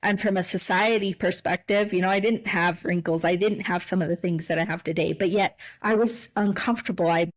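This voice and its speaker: A woman's voice: lowish voice, steady tone, fairly quick, hardly any pauses, rough recording. A woman co-hosting a casual podcast, talking in a reflective way that turns emotional, with frequent restarts. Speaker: podcast co-host.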